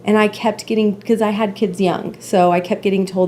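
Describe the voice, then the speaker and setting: A woman's voice: mid-range voice, fairly even intonation, normal speed, a little mellow, a little hiss or hum. A woman in her forties, a podcast guest, talking openly and emotionally in a casual conversation. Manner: open, emotional, candid storytelling.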